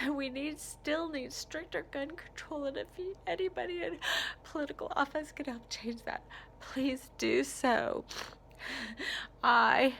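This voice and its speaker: A woman's voice: sits high, vocal fry, a bit bright, a little hiss or hum. An American woman crying as she makes an emotional, rambling plea in a vlog. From United States. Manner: tearful, pleading, rambling with restarts. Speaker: vlogger. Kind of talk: emotional personal plea to camera.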